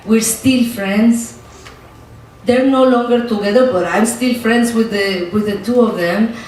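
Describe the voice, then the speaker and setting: A middle-aged woman with a Mexican accent, telling stories in an interview with animated emotion, often laughing and repeating words as she speaks. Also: on the high side, a little slow, a little hiss or hum. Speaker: actress interviewee. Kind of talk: candid interview storytelling. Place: film festival interview room. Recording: very echoey room, distant mic, faint ambience.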